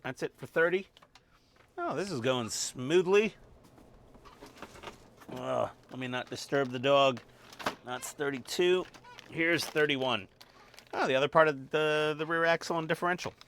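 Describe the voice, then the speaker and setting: A hobby model-building channel host talks step by step as he builds a model at his home workbench, a dog nearby. His voice is on the high side and fairly bright, with a measured pace, long pauses, a little hiss or hum, wry asides, and muttered instructions.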